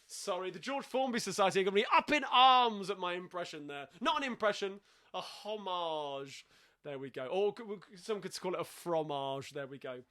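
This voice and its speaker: A man's voice: high voice, moderate pace, bright, forceful tone. A man with a London Cockney accent hosting a live-streamed sing-along, chatting casually between songs with lots of fillers and restarts.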